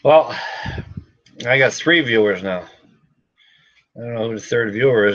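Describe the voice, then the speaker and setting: Male livestream host, casual chat, repetitive exasperated muttering; mid pitch, muffled lo-fi recording. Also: a little slow, a bit bright. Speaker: gun shop livestream host. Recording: slightly dull lo-fi sound.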